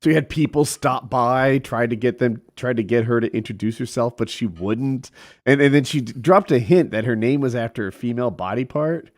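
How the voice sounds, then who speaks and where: A man chatting as a podcast host, recounting a scene with a relaxed, storytelling manner. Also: mid-range voice, brisk, no room sound, studio quality. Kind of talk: casual podcast chat.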